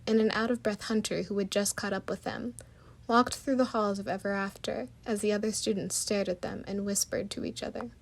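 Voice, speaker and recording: A woman narrating a storybook chapter in a soft, even manner. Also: medium pitch, vocal fry.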